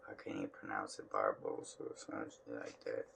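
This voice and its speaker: Man low gravelly laid-back vlogger. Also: steady tone, brisk, background noise. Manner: laid-back slangy talk, drawls and trails off. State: tired, yawning. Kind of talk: casual chat to camera. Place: home room. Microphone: phone camera.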